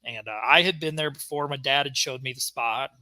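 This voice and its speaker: A young man co-hosting a podcast, telling a story in casual chat and acting out the shouted quotes. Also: mid-range voice, fairly quick, no room sound. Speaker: podcast co-host.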